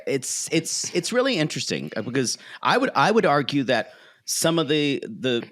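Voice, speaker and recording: Man, podcast host, casual recap chat, lively swooping pitch, does quick impressions. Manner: animated, quick to mimic cast members.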